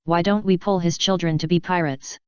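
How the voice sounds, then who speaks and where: A timid, whiny young male pirate, read by a woman in an audiobook. The voice is smooth and low, and it is read plainly. The sound is dull and dry. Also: fairly even intonation, fairly quick, darkish tone, dry recording, close to an everyday voice.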